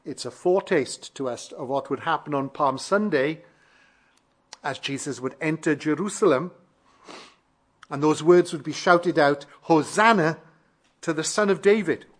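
A man delivers a sermon in a somewhat high voice. He speaks fervently, stacking phrases and swelling louder on key words. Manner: repeats and builds phrases in a measured cadence. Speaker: preacher.

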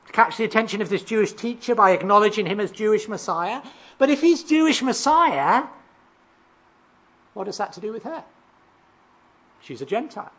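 A preacher with a husky, slightly breathy voice walks through a passage verse by verse. The delivery poses rhetorical questions and now and then stumbles into fillers before picking up the thread. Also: medium pitch, fairly bright tone. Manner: expository, asks rhetorical questions, reads out verses; occasional hesitant fillers and restarts. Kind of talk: sermon.

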